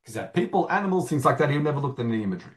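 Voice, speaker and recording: Guy teaching talmud, reads a line then explains it, lots of ums and restarts, bouncy higher voice. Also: sing-song, very fast. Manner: reads Aramaic phrases then explains them in English, with frequent fillers and restarts. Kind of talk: Talmud study lesson, reading and translating.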